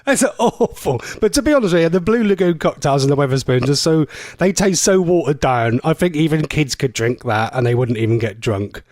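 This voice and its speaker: A man's voice: a little high, lively intonation, fairly quick, a little mellow, no echo. A man, a radio presenter telling long rambling stories in casual chat, full of fillers and self-corrections.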